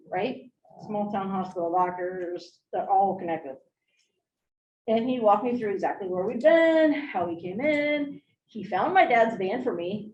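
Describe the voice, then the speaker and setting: Lady trainer telling a story to a room full of people, higher voice, echoey and a bit far off. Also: dull audio, a little hiss or hum. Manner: animated, laughing, addresses the audience directly. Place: large room with an audience.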